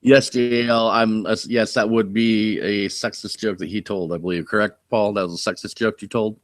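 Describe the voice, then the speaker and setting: Brief: man from Oregon, lowish voice, dry sound, rambling casual host. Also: fairly even intonation, moderate pace, dry recording. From Oregon, USA. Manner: rambling, chatty, thinks aloud. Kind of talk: casual live-stream chat.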